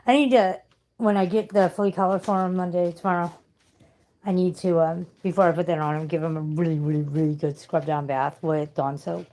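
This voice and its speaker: A woman's voice: lowish voice, steady tone, fairly quick, dark tone. A woman rambling casually at home while doing chores, chatty and venting, swearing freely. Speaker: vlogger. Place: at home, sweeping.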